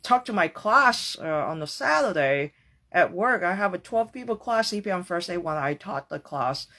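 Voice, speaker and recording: Her voice is fairly low but bright and forceful, delivered at a moderate pace with plenty of animation. As a podcast host, she talks through a personal, reflective monologue in a searching, earnest manner, casual and sprinkled with the odd curse.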